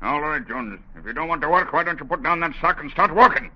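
A man's voice: on the high side, lively intonation, fast, a crowd in the background, lightly acted. An actor playing a bossy, evasive camp foreman who barks orders and stammers when nervous, in 1940s radio acting. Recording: dull old radio recording.

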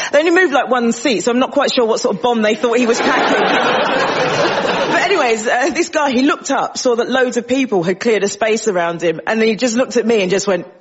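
A man does conversational stand-up in a strikingly high voice. The sound is muffled, with a lively audience and clatter behind him. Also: heavy background noise. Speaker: stand-up comedian.

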